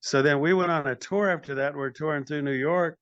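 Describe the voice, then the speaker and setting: A man's voice: on the high side, a little fast, fairly bright tone, smooth, dry recording, muffled recording. Rambling older man telling road stories. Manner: rambling anecdotes with acted quotes and restarts. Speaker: podcast guest, metal band frontman. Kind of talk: casual storytelling chat.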